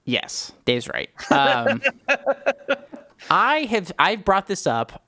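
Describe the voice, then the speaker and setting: A man's voice: high-pitched, wildly swooping pitch, very slow, vocal fry, bright, forceful tone, no room sound. A young man co-hosting a movie talk stream, chatty and opinionated, laughing often as he talks. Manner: chatty, opinionated, laughs often, self-described film snob. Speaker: podcast co-host. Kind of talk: casual movie chat.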